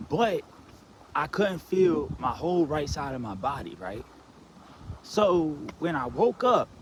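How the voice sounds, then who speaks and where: A man rambling through a personal story with a lively voice that leaps around. His pitch sits a bit high for a man, and he swings from low mutters to excited bursts. A faint background noise runs under him. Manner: rambling, frequent "you know what I'm saying" and "right?" fillers. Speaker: vlogger telling a personal story. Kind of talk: casual storytelling monologue.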